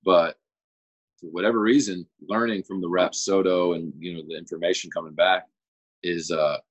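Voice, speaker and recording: A man's voice: low voice, steady tone, normal speed, muffled recording. A young man, a guest on an interview show, chatting casually and explaining things in an easygoing, rambling way. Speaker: guest pitcher.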